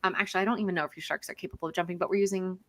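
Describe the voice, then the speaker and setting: A woman's voice: on the low side, fairly even intonation, very fast. Chatty woman running a tabletop game. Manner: chatty, self-correcting, giggly asides. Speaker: game master.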